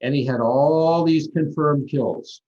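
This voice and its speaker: A middle-aged man, a plastic surgeon, talking through patient stories in a relaxed, rambling interview with frequent restarts. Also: fairly high pitch, takes it slowly. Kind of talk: conversational interview storytelling. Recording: dull lo-fi audio.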